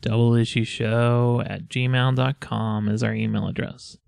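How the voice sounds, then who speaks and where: A man co-hosting a podcast in an easygoing, rambling way, laughing often. His voice has a very heavy gravelly fry. The sound is dry and close, with no room echo. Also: mid-range voice, flat delivery, measured pace, a little mellow. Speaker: podcast co-host. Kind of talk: casual chat.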